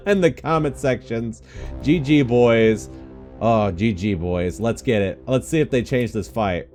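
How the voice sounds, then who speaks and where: A man commentating his own video game playthrough with excitable, joking reactions and frequent laughs. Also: mid-range voice, measured pace, faint music behind. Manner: excitable, jokey, yelps and laughs. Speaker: gaming YouTuber. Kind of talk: Let's Play commentary.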